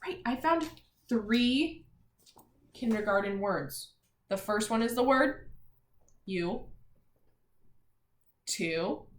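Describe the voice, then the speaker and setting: A woman teaching young children to read and spell sounds out letters and words clearly and warmly, speaking a little high with lively intonation. She goes extremely slowly with long pauses, and the room is echoey.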